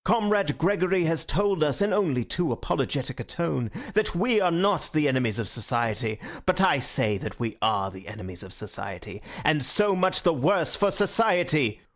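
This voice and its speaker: A man's voice: fairly high pitch, big pitch swings, normal speed, few pauses. A man voicing a fiery young male anarchist orator in an audiobook, speaking in a rousing, declamatory way. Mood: defiant. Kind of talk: audiobook character reading.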